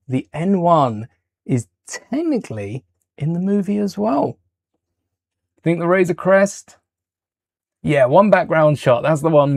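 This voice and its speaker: A man's voice: fairly high pitch, a little mellow, no echo, studio quality. A man hosting a casual livestream while building Lego, chatting with viewers in a rambling way and correcting himself as he goes.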